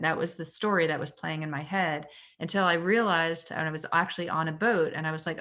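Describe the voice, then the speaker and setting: Canadian woman, real estate agent, low-ish voice, chatty video-call talk with ums. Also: steady tone, normal speed, fairly bright tone. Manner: conversational, asks the audience questions, frequent ums.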